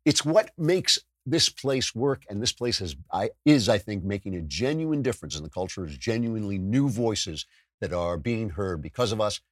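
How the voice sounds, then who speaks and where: Animated sarcastic male podcast host. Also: lowish voice, moderate pace, dry recording, clean studio sound. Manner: animated, sarcastic, mimics voices; many restarts and self-corrections. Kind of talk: political commentary monologue.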